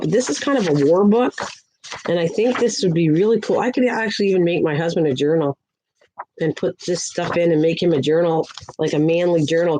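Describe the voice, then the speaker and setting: A woman's voice: lowish voice, mellow, a little hiss or hum, rough recording. An older woman hosting a crafting livestream, chatting in a rambling way and talking to viewers in the chat. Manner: sweet greetings to viewers in a lifted voice.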